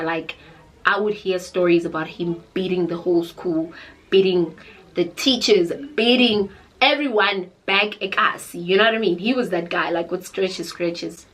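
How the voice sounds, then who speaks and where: A young woman with a South African accent, telling a storytime tale in a dramatic, animated way. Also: lowish voice, a little hiss or hum, rough recording. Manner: animated, dramatic, code-switching into Zulu. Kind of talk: casual storytime chat.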